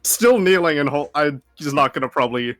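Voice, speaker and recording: A man playing a tabletop game, describing his actions and speaking in character in a hesitant, halting way. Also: on the high side, lively intonation, a bit bright, no echo, studio quality, faint music behind. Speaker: player. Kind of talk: casual role-play.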